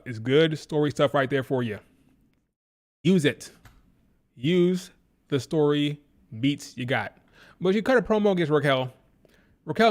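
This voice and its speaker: Opinionated man reviewing wrestling on a stream. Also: fairly high pitch. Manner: animated, opinionated, repeats himself for emphasis. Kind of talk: live-stream commentary.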